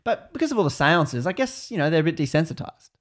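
A man's voice: a little high, quick pace. Australian male podcast host, young, chatty storyteller who laughs a lot and slips into quoted voices. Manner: laughs often, animated retelling with quoted voices. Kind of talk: casual storytelling chat.

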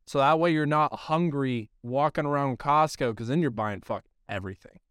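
A man hosting a podcast spins a loose, profane story, leaning hard on filler words. His voice is smooth and clear. It is recorded dry and close, with no room sound. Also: medium pitch, normal speed, a bit bright, no echo. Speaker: podcast host. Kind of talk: casual storytelling.

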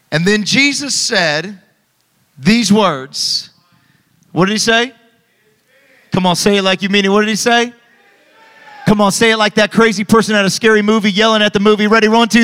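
Energetic man in his thirties preaching. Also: high-pitched, big-room sound. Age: 30s. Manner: energetic, calls for congregation responses. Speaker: pastor. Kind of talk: sermon. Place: church hall with congregation.

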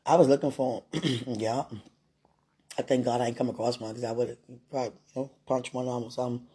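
A woman in a casual, rambling monologue, playful and laughing often, swinging from loud bursts to soft murmurs. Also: extremely low pitch, steady tone, quick pace, slightly rough.

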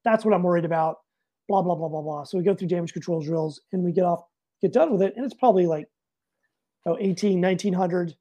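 A Navy master chief, a guest on a podcast, tells a casual anecdote in an interview. He's animated and profane, talks fast in a high voice, and acts out both sides of the dialogue.

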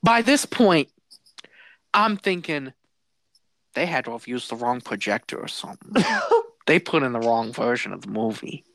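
A man co-hosting a podcast, telling a story in a casual, animated way, laughing and swearing as he goes. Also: mid-range voice, moderate pace, pauses often, no room sound. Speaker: podcast co-host.

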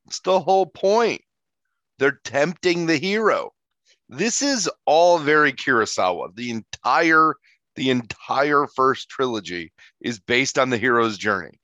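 Bright, dry-voiced man arguing casually. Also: mid-range voice, expressive, unhurried, dry recording, highs cut off. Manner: dry, argumentative, sarcastic. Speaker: podcast co-host. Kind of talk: casual chat.

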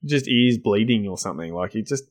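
A man's voice: fairly low pitch, expressive, a little fast. A man co-hosting a podcast in casual chat, enthusiastic and laughing often, with many fillers and restarts. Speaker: podcast co-host.

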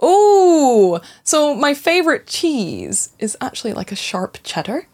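Bubbly Scottish woman with a lively voice. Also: high voice, takes it slowly. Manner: bubbly, rambling storyteller who laughs often. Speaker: podcast guest. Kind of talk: casual chat.

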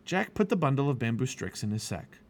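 A man reading a children's chapter book aloud with expressive storytelling. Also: medium pitch, fairly quick. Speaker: family podcast reader.

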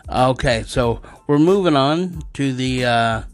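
A man's voice: medium pitch, takes it slowly. A man hosting a casual podcast, reading odd news stories in a loose, unpolished way with joking asides and plenty of fillers. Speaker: podcast host.

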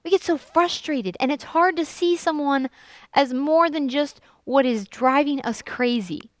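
A woman's voice: sits high, unhurried, no room sound. Earnest young woman preaching a sermon. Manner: earnest storytelling with lively emphasis. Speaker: youth pastor.

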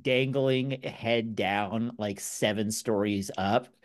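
A man's voice: lowish voice, fairly even intonation, takes it slowly. A man co-hosting a casual movie review podcast, wry and teasing as he argues his point playfully. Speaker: podcast co-host.

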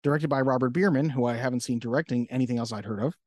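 A man's voice: medium pitch, rapid-fire, darkish tone, no echo, clean studio sound. A man co-hosting a podcast in casual chat, laughing often and acting out quotes. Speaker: podcast co-host.

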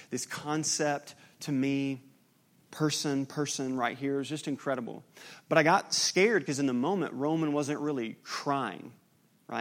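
A man in his thirties, a pastor, preaching a sermon in a conversational, animated style that builds to an impassioned climax. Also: on the high side.

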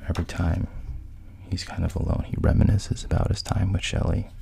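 A man with a very low, gravelly voice retells a film's story at an easy pace, quoting the characters plainly and often sinking to a whisper. His tone is dark and mellow, with a faint hiss of noise behind him. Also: level tone, a little fast. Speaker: storyteller retelling a film plot. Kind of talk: casual spoken retelling.

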